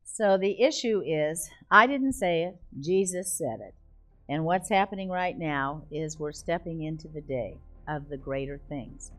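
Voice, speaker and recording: Older woman telling a lively testimony. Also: on the low side, a little slow, soft background music. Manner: animated, laughing often, emphatic. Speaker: guest speaker. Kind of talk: storytelling testimony.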